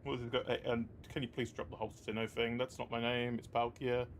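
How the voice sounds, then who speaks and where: A man's voice: mid-range voice, flat delivery, fast, slight background noise. A man casually commenting while streaming a game, joking and laughing at himself.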